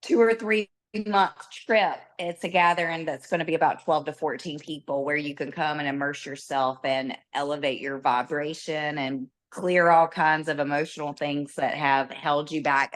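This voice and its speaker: Encouraging, low-voiced woman leading a team call. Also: fairly bright tone. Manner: encouraging, upbeat announcements. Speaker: team leader hosting the call.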